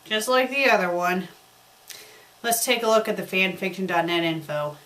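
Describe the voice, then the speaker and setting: A woman's voice: medium pitch, lively intonation, normal speed, a bit bright, slight background noise, rough recording. A woman reviewing fanfiction, reading it aloud with sarcastic, exasperated acting. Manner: exasperated, sarcastic, acts out lines. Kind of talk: comedic dramatic reading.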